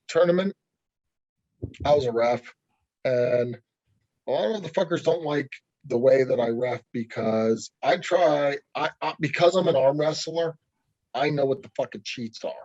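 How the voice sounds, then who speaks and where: A man's voice: medium pitch, breathy edge, no room sound, muffled recording. A man who is an arm wrestler being interviewed, talking bluntly and swearing a lot, ranting in a heated way. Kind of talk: casual interview over a call.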